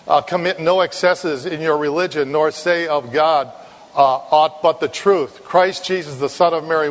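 A man from Ireland, a missionary preacher, giving a sermon in a conversational storytelling way, often repeating words. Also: on the high side. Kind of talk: sermon with anecdote. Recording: long reverb in a hall.

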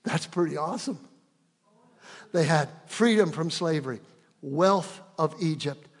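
A man preaching in a church, his voice high and passionate. He swings between loud, fervent peaks and soft, prayerful stretches. The sound carries the long reverb of a large hall. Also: measured pace. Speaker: pastor. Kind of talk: sermon. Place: church sanctuary.

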